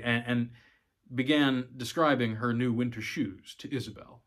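A man's voice: mid-range voice, steady tone, moderate pace, fairly bright tone. A man narrating a short story, reading with occasional small stumbles and giving the characters' lines a livelier delivery. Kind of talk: audiobook-style story reading.

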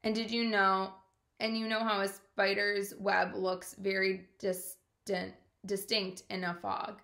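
A woman's voice: mid-range voice, flat delivery, slow pace, vocal fry, fairly bright tone. A woman doing a solemn, earnest farmer. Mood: insistent. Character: flustered farmer Mr. Zuckerman, middle-aged man. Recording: roomy echo.

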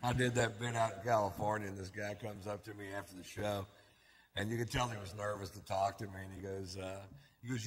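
A man doing a stand-up comedy set, telling stories in a drawling, deadpan way. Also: lowish voice, fairly quick. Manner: drawling, deadpan storytelling with punchlines. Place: comedy club stage. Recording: live club with long reverb, faint crowd noise.

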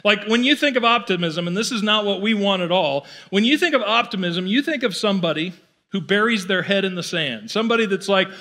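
A man's voice: sits high, lively intonation, a little fast, pushed and bright. A male pastor giving a conversational, playful sermon in a church, often acting out the voices of the people he describes. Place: church auditorium.

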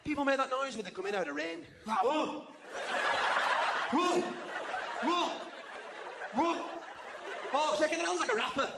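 A man's voice: very high voice, sing-song, rapid-fire, hardly any pauses, heavy background noise. A man in his forties with a Northern English accent, doing live stand-up, chatty and mimicking people, laughing along. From England. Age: 40s. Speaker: stand-up comedian. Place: large arena stage. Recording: echoey arena, roaring crowd.

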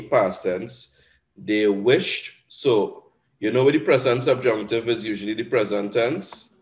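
This man speaks low and unhurried, a Spanish teacher with a Caribbean accent leading exam revision. He's patient in his explanations, often pausing to ask "right?".

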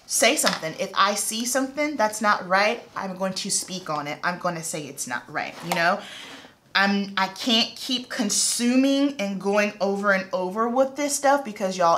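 A woman's voice: mid-range voice, sharp tone, a little hiss or hum. A hairstylist woman in a casual vlog chat, talking in an earnest, emphatic and heartfelt way.

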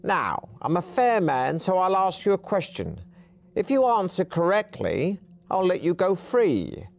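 A man voicing a sly, giggling white-haired old hermit who speaks in a high-pitched voice and threatens to turn people to stone. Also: wildly swooping pitch, measured pace, gravelly, no echo, studio quality, exaggerated voice. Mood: gleeful menace. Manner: gleeful, menacing, chuckling.

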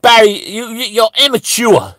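Man voicing a stern pastor, lecturing, blunt, bright tone. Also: high-pitched, animated, normal speed, dry recording, clean studio sound. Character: stern male pastor, lecturing an old friend.

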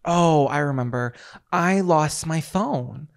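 A man co-hosts a casual podcast, telling a story with plenty of sass. He keeps it conversational and animated, and he jumps into louder, higher voices when quoting people. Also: slow, gravelly. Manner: animated storyteller, swings into loud sassy quoted voices. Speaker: podcast co-host. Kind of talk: casual chat.

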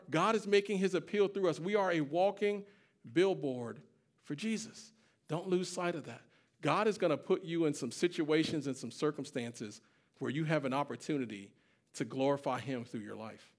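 A man in his thirties preaching a sermon as pastor, emphatic and conversational as he tells stories. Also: medium pitch. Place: church.

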